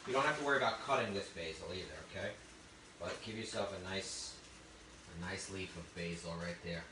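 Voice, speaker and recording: A man with a low voice talks briskly while giving a live cooking demonstration, chatty and enthusiastic with frequent exclamations. The mic is distant, with a roomy sound, faint ambience and background noise.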